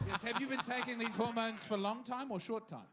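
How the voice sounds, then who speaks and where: Sarcastic high-voiced man. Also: steady tone, brisk, crowd noise. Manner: sarcastic, roasting jokes. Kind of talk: casual comedic chat.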